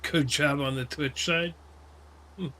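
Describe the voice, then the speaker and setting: A man's voice: fairly high pitch, steady tone, takes it slowly, bright, forceful tone, slight background noise. A middle-aged American man hosting a livestream, ranting and swearing at his chat in casual, laughing banter. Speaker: livestream host.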